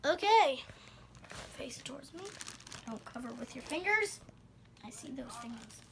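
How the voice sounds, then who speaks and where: High-voiced playful woman unboxing. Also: animated, a little slow. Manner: chatty, playful, teasing. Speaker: vlogger. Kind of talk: casual unboxing chat. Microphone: phone camera held by a child. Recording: noisy home phone recording.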